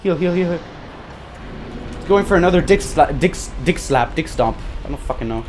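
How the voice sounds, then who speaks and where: A young man giving profane, frustrated commentary while playing a video game, muttering and then yelling. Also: fairly high pitch, expressive, quick pace, faint music behind. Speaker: gaming YouTuber. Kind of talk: profane live gameplay commentary.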